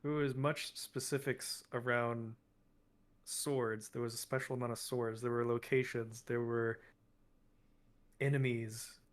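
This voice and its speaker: A man player in a tabletop game answers in halting, unsure, deadpan phrases. His voice barely moves in pitch. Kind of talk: casual tabletop role-play.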